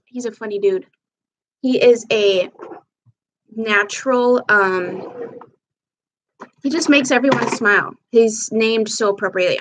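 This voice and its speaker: A woman with a slightly high voice chats casually during a live makeup stream. She meanders from one thing to the next while applying products, speaking into her camera at home. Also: sharp tone. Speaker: livestream host. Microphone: camera mic on a live stream.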